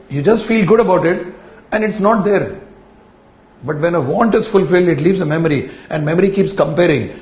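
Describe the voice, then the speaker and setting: This is a recorded lecture: a man with a high-pitched voice addresses a camera indoors, and the room adds reverb. He lays out ideas through rhetorical questions, repeating the phrases that matter most.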